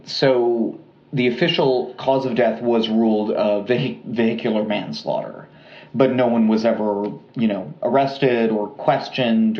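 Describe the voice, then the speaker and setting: A man co-hosting a podcast, telling a true-crime story in a casual, relaxed way with lots of fillers and asides. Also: fairly low pitch, roomy sound, highs cut off. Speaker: podcast co-host.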